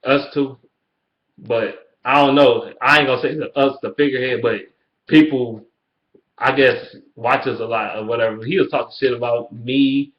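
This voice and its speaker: A man rants straight into the camera about a rival team, profane and cocky. He keeps breaking into high, mocking sing-song taunts. The sound is dull and lo-fi, with a roomy echo around his voice. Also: steady tone, normal speed. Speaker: sports fan vlogger. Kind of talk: ranting fan response video. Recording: echoey room, dull lo-fi sound.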